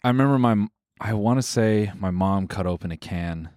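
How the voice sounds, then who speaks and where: A man co-hosting a podcast in casual comedic chat, teasing with deadpan jokes. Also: on the low side, moderate pace, dry recording, studio quality. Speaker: podcast co-host.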